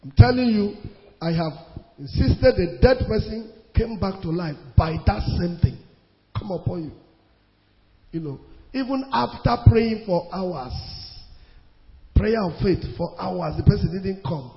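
A man preaches with a high, gravelly voice, repeating lines for emphasis and bursting into sudden shouts. The recording is dull and muffled, with a long reverb from the church hall around him. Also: animated, a little slow. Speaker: pastor. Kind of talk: sermon.

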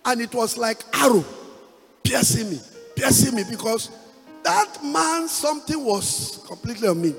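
A man giving a testimony as a pastor, with emphatic preaching and half-sung phrases that build to loud exhortation. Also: extremely high pitch, animated, moderate pace, gravelly. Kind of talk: sermon testimony. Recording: echoey hall with music behind.

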